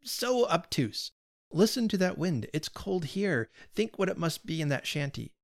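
A man's voice: a little high, lively intonation, moderate pace, vocal fry, voice pushed up. A man reading aloud, voicing a talkative, earnest male burglar who pleads and explains himself with odd cheer. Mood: pleading. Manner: earnest, pleading, lightly pompous.

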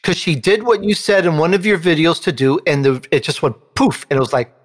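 A male show host telling a personal story in an interview, animated, and he jumps up in pitch when he quotes someone. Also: fairly quick, long reverb tail.

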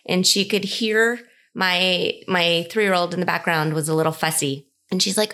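Low-pitched middle-aged woman, animated storyteller who acts out the voices she quotes. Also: normal speed. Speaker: cookbook author. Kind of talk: personal storytelling.

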